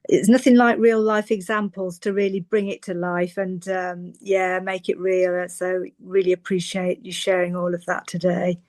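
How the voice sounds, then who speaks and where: A woman's voice: lowish voice, level tone, moderate pace, hardly any pauses, darkish tone, no echo. A woman hosting an online meeting, friendly and businesslike, reading out questions from the chat. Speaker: meeting host.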